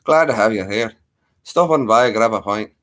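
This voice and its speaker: A man's voice: fairly low pitch, moderate pace, fairly bright tone, lightly acted. A man putting on an Irish accent to play a cheerful young lad, jaunty and welcoming. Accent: put-on Irish.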